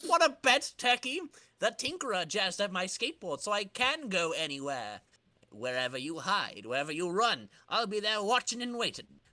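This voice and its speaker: A man's voice: high voice, big pitch swings, normal speed, pushed and bright, full character voice. A man voicing a cocky young male street villain who taunts in jive slang, in a comedic dramatic reading of a comic. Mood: gloating.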